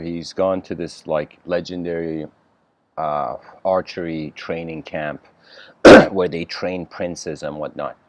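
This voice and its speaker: A man giving an informal lecture, telling a story with many fillers and frequent throat clearing. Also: low voice.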